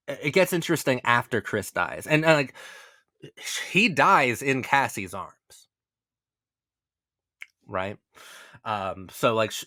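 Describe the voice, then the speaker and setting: A man of middle pitch talks through a casual video analysis with animated energy, restarting words as he stammers toward his point and swearing freely. The sound is close and dry, with no room behind him. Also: dry recording. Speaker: video essay host.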